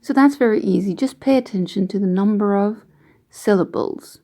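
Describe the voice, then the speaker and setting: Woman teaching english grammar, calm and careful, mellow soft tone. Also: mid-range voice. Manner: slow, careful, patient explaining. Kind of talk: explaining grammar lesson.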